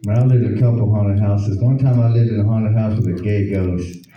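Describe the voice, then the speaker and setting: A man's voice: lowish voice, steady tone, brisk, dull audio, slight background noise. A man with an Oklahoma accent doing a stand-up comedy set, telling loose stories and slipping into voices. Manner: loose storytelling with voices and laughs. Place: comedy club stage. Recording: echoey club recording from far off. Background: crowd laughter.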